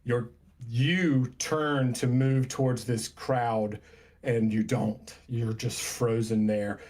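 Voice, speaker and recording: A man narrating a tabletop game as game master, unhurried and descriptive with many pauses and fillers. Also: medium pitch, level tone, a little mellow.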